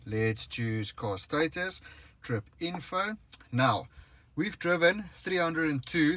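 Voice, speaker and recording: Medium-pitched and without room sound, a man gives a casual vlog tour of a car, both outside and in the cabin. As a car reviewer, he shows viewers around while musing aloud.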